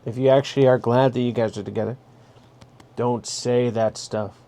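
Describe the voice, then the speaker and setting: A man's voice: mid-range voice, steady tone, normal speed, dark tone. Blunt man handing out advice. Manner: blunt, direct, giving orders. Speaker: host. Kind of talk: casual spoken advice monologue.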